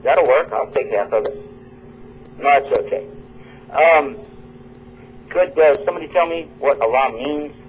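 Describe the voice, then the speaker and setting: A radio show host and lecturer, his voice a little high, speaks unhurriedly with long pauses during a live university lecture. He jokes with his audience and quizzes them as he teaches, heard through a dull lo-fi broadcast with faint noise.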